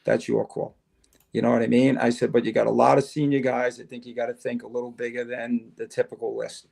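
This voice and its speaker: Older New man, gravelly, mid-pitched, animated storyteller. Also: brisk. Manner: animated storyteller, acts out dialogue. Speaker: podcast guest, retired fire chief. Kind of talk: casual storytelling interview.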